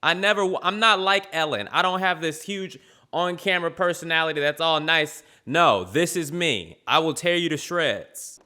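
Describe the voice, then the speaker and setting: A brash young-sounding man rants in a boastful, trash-talking way, with a bright, forceful tone pitched a little high. He delivers comedic commentary straight to his viewers. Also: moderate pace. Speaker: YouTube commentator.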